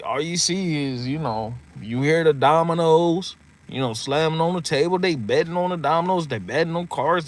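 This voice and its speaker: A man in his thirties telling old stories in a casual monologue, laughing often and swearing freely. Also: fairly high pitch. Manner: animated, laughs often, swears freely, repeats "you know what I mean". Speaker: vlogger.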